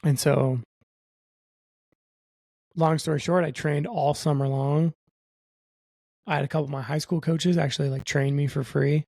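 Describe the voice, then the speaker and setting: A man's voice: a little high, fairly even intonation, unhurried, gravelly, long pauses, darkish tone, no echo. A young adult man telling a long, profane story as a podcast guest, acting out what other people said in his own voice. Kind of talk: casual storytelling.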